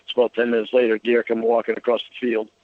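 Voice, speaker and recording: A man calling in to a radio show, talking in a halting, simple, hesitant way. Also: medium pitch, completely flat delivery, no echo. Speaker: radio caller. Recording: muffled radio call audio.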